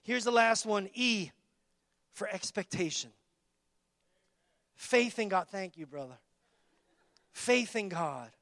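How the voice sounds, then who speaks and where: A man preaching a sermon in an emphatic, repetitive call-and-response style, building to loud peaks and dropping to quiet asides. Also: sits high, animated, slow pace, pauses often, no echo, studio quality.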